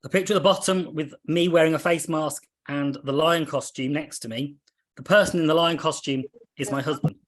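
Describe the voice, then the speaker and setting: A man giving a presentation as a district officer, speaking in a measured way and listing his points in a steady rhythm. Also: a little high. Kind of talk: presentation to an online meeting.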